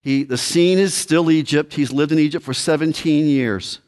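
A man's voice: fairly high pitch, moderate pace, darkish tone. Man preaching a conversational sermon. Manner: conversational preaching, addresses listeners directly. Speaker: pastor.

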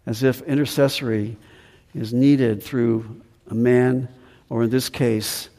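Male pastor, earnest sermon delivery, mellow tone, long reverb of a big room. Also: medium pitch, steady tone. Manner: earnest preaching, slowing on key phrases and rising with emphasis.

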